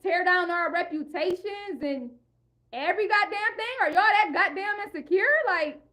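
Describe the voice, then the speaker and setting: A woman's voice: very high voice, moderate pace, pushed and bright. A young woman vlogger in a heated, profane rant, repeating herself and speaking in an African American English style. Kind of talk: ranting monologue.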